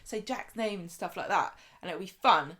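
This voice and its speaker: A woman's voice: lowish voice, moderate pace, pushed and bright. A woman voicing a pushy young woman who coaxes and pleads with a silent boy. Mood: coaxing.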